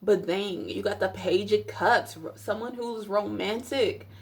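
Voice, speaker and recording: A woman's voice: medium pitch, measured pace. A young woman giving a casual tarot reading to camera at home, rambling with many fillers and apologetic asides. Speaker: tarot reader.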